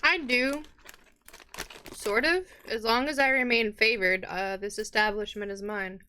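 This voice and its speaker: A woman's voice: fairly high pitch, fairly even intonation, a little slow, bright, forceful tone, slight background noise. A woman game master voicing a sulky, devout male tavern keeper in a tabletop game, talking casually and a little pouty. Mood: confiding.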